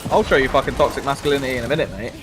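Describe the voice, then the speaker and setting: A young man co-hosting a gaming podcast, talking in crude, swearing banter with loud mocking outbursts. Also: medium pitch, very fast, over music. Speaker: podcast co-host.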